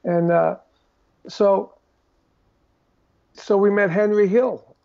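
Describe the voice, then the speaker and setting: An older man, telling animated stories in a casual interview and acting out the voices of the people in them. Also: high voice, very slow, vocal fry, dull audio. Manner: animated storyteller who acts out quoted voices. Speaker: guest drummer telling stories.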